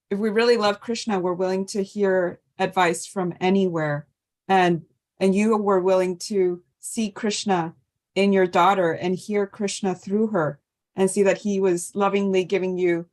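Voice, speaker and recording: A woman's voice: mid-range voice, a little mellow. Woman, class leader, online scripture class, video call, thanks everyone, invites sharing.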